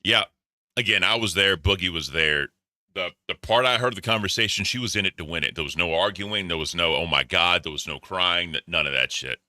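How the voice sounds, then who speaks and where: A man's voice: sits low, brisk, bright, forceful tone, no echo, studio quality. A man co-hosting a casual commentary chat, talking bluntly with lots of swearing and repeats. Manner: blunt, profane, repetitive. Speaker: co-host.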